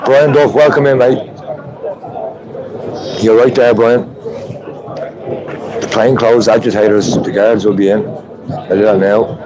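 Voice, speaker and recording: A man's voice: lowish voice, fairly even intonation, slow, pauses often. A man with an Irish accent hosting a live stream from a street protest, chatting with viewers. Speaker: livestream host. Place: outdoor street protest with trucks. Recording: crowd noise behind. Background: crowd and vehicle noise.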